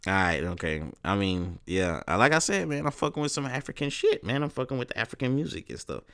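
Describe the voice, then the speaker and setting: A podcast host in his 30s talks solo in a casual, laid-back way, rambling, profane and heavy on street slang. His medium-pitched voice is expressive and fast, a bit bright, with a clear, resonant tone.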